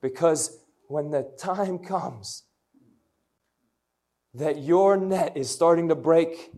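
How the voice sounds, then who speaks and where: A young man preaching a lively sermon to young people, telling stories and calling on the crowd to answer. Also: a little high, slow. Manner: energetic, storytelling, call-and-response. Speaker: youth pastor.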